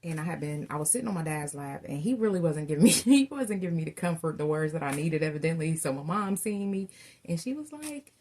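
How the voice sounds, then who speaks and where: Gravelly woman reading tarot. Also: deep voice, fast talker, hardly any pauses, darkish tone, a little hiss or hum. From Southern United States. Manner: chatty storytelling, addresses viewers as y'all. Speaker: tarot reader.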